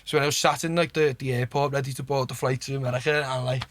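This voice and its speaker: A man from Liverpool with a Liverpool accent, a podcast guest telling rambling, animated stories in casual chat, full of "like" and "you know what I mean" and swearing. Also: medium pitch, quick pace, no echo. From Liverpool, England.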